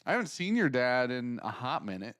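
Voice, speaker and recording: A man co-hosting a casual talk stream, animated and acting out the people in his stories. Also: mid-range voice, fairly quick, clean tone, dry recording, studio quality. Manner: animated storyteller, acts out quotes. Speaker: podcast co-host. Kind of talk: casual chat.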